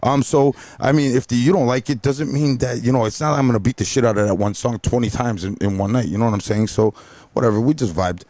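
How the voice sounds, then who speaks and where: A man from Chicago tells a long story on a casual podcast. He is animated and swears a lot, and his mid-pitched voice sits dry and close to the mic with no room sound. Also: quick pace, no room sound. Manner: animated, profane, lots of "bro" and "you know". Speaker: DJ guest.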